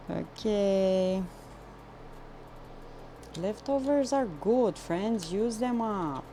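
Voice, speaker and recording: A woman chatting with her viewers while she cooks in a home kitchen, excitable and talkative, with some non-native phrasing. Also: mid-range voice, slow, gravelly, long pauses, slight background noise. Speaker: cooking livestreamer. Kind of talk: casual live cooking chat. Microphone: phone.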